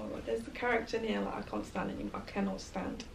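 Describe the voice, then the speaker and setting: A young woman talks casually to camera at home, gushing and excitable about what she's reading. Her voice sits at a middling pitch and now and then drops to a soft whisper. A faint hiss of room noise sits under the recording. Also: brisk, creaky. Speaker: book vlogger. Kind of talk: casual vlog chat.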